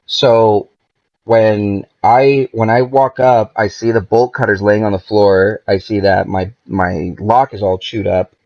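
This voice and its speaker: A man's voice: on the low side, little pitch movement, a little slow. A man on a podcast as a guest, telling a long story in a casual, profane, rambling way. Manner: profane, laid-back, rambling with many "like"s. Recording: dull lo-fi podcast audio.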